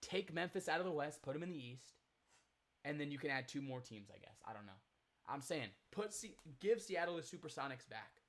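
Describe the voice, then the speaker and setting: A man's voice: fairly high pitch, lively intonation, brisk. Rambling, opinionated male podcast co-host. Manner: rambling, opinionated, trails off and restarts. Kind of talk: casual sports chat. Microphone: remote recording, apart from co-host.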